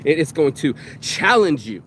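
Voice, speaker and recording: A man's voice: fairly high pitch, big pitch swings, moderate pace, fairly bright tone, a little hiss or hum. Blunt, profane man ranting to camera. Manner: blunt, profane, streetwise slang, calls listener bro. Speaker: vlog host. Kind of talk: casual motivational rant.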